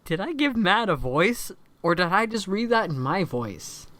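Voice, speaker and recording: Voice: medium pitch, sing-song, measured pace, a bit bright. A let's play host reading a dating-sim game aloud, breaking off often for wry, self-mocking asides.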